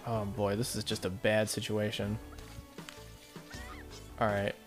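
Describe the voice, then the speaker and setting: Rambling let's play guy, lowish voice. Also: completely flat delivery, slow, soft background music. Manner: rambling, self-deprecating, talks to viewers. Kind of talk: casual gameplay commentary.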